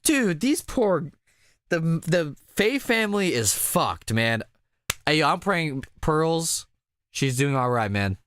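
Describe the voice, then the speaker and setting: A man's voice: fairly high pitch, very animated, slow, fairly bright tone, dry recording. Swearing, laughing male streamer. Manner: casual, swearing, laughing between lines. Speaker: streamer voice-acting a game. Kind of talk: live let's-play reaction.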